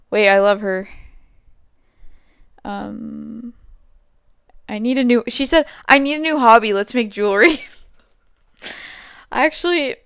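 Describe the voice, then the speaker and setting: Young woman, solo podcast host, smooth voice, loose rambling delivery, filler-heavy. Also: on the high side, a bit bright, no echo, studio quality. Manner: rambling, heavy use of "like", swears casually. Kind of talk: casual solo podcast chat.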